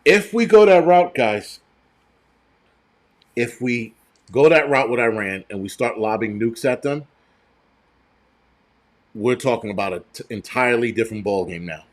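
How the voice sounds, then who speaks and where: This prepper channel host, an American man, has a lowish voice and an unhurried delivery broken by frequent pauses. On his live stream he offers loose, rambling commentary aimed right at his audience, blunt and full of profanity.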